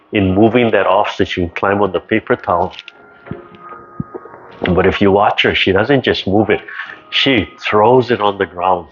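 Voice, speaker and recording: A man teaching tai chi over a video call, telling casual family stories and giving calm, unhurried movement cues. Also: on the low side, slightly rough. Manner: calm, unhurried cueing with many "right?" checks. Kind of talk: casual storytelling and guided exercise cues. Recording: dull lo-fi video call audio.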